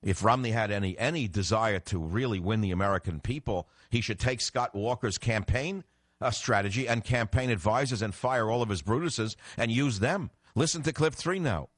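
Talk radio host, middle-aged man, lowish voice, dry studio sound, combative and emphatic. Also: moderate pace, dry recording. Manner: combative, emphatic, swings from low to loud outbursts. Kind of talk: political talk radio monologue.

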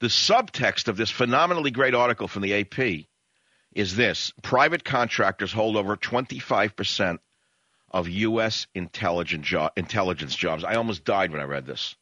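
A combative male talk radio host rants through an opinionated monologue and keeps firing rhetorical questions at the listener. His pitch swings widely and his tone is bright and forceful. The sound is dry and a little dull, like a muffled broadcast studio. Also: expressive, moderate pace, no echo.

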